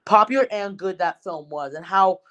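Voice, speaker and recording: A woman co-hosting a casual fan podcast, excitable and rambling, full of fillers and restarts. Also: mid-range voice, normal speed, soft background music. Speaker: podcast co-host.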